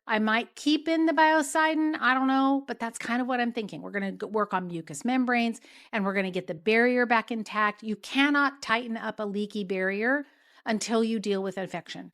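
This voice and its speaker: A woman's voice: fairly high pitch, fairly bright tone. A woman podcast host and functional medicine practitioner telling a patient case in a casual, chatty way and acting out their conversations. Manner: chatty, acts out dialogue with her patient.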